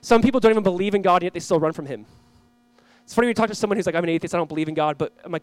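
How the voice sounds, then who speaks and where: A man preaching a sermon as pastor, impassioned, swinging from loud cries to hushed low lines, acting out quoted voices in a casual way. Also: racing, no room sound. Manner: impassioned, voice rising and dropping sharply.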